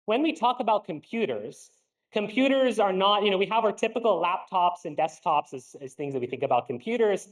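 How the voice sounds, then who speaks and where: Young male lecturer, high voice, casual and halting, classroom lecture. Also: expressive, poor audio. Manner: casual, lots of fillers and restarts. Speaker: university lecturer. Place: lecture hall.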